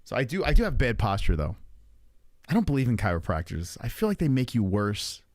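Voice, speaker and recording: A young man hosting a casual livestream, talking in an animated, profane way and laughing often. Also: medium pitch, fairly quick, dry recording, clean studio sound. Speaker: livestream host.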